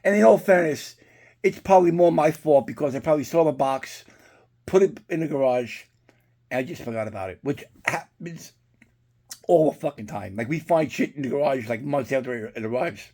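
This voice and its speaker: Man, middle-aged, husky, mellow tone, rambling casual vlog chat, swears a lot. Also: mid-range voice, normal speed. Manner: rambling, profane storytelling. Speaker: horror collectible vlogger.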